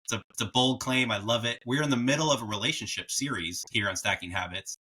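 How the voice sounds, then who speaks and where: A man's voice: mid-range voice, quick pace, pushed and bright, husky. A man hosting a podcast interview, enthusiastic and setting up his questions at length. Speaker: podcast host. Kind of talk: casual interview.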